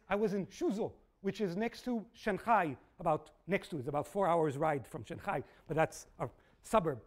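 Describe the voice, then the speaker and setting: A middle-aged man giving an open university lecture, telling stories with quoted voices and checking in with the audience. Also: high-pitched. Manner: animated storytelling with quoted voices; asks audience "yes?" and "okay?". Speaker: guest lecturer.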